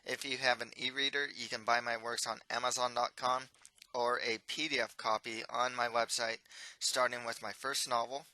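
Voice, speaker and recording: An author reads his own fantasy novel aloud in a plain, steady delivery, opening with a short plug. His voice is very bright and middle in pitch, recorded close and dry. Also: normal speed, dry recording, rough recording. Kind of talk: storybook reading and promotion.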